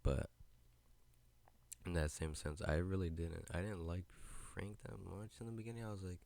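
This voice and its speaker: A man's voice: deep voice, fairly even intonation, normal speed, creaky, dark tone. A young man hosting a casual solo podcast, rambling in a laid-back way, swearing and laughing often, on a podcast mic. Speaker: podcast host. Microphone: podcast mic with headphones.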